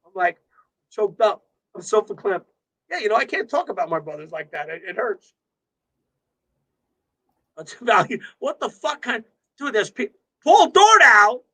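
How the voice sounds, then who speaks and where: A man's voice: sits high, big pitch swings, normal speed, long pauses, bright, forceful tone, poor audio. A man from New York, a guest on a livestream chat, talking in a rambling, profane way and laughing often, heard over a video call. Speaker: guest musician.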